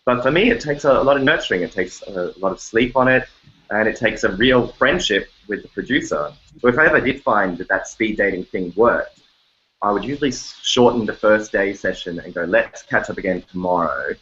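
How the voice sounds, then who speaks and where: A man's voice: lowish voice, brisk, highs cut off. A man with an Australian accent, a songwriter chatting casually and animatedly from his bedroom, joking as he goes. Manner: chatty, animated, jokey, breaks into sung snippets. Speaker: songwriter guest. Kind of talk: casual interview chat. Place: home bedroom.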